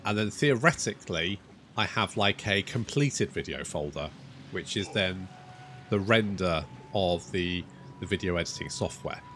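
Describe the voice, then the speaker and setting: Lively, rambling sweary male gamer. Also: low voice, measured pace, slight background noise. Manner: rambling, sweary, self-mocking. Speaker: gaming YouTuber. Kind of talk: casual let's-play commentary.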